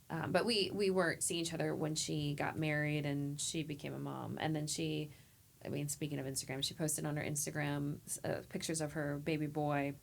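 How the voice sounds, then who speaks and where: A woman therapist telling heartfelt stories in a podcast interview, animated and acting out the people she quotes. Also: deep voice, gravelly. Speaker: therapist guest. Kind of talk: emotional conversational storytelling.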